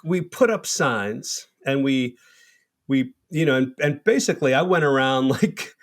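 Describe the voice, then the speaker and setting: A man in his fifties, a podcast host telling a long, animated anecdote in casual chat with plenty of restarts. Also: medium pitch, measured pace. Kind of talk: casual storytelling.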